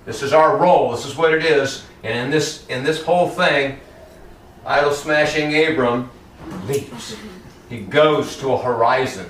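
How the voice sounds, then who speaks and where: A man preaching a sermon in a church, lively and conversational, often acting out Bible characters in casual everyday voices. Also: medium pitch, measured pace, a little hiss or hum. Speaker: pastor. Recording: roomy echo, heard from a distance.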